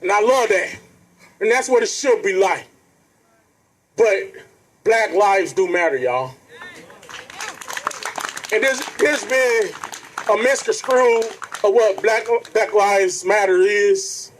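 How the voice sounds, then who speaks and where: High-voiced man giving an impassioned rally speech. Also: slow, long pauses, slight background noise, low-quality recording. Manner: earnest, preacherly, keeps addressing the crowd directly. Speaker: rally speaker. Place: outdoor protest rally.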